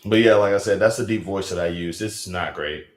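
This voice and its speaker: A man with a lowish voice talks casually on a live stream, rambling and poking fun at himself. The sound is roomy and echoey. He reads viewer comments aloud. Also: a little fast. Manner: rambling and self-mocking. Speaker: live streamer reading chat. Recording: echoey room.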